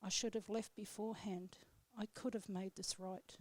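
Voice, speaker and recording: A woman on live radio reading her own poem aloud in a steady, measured way, then chatting with the host. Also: medium pitch, no room sound. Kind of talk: poetry reading, then casual chat. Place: radio studio.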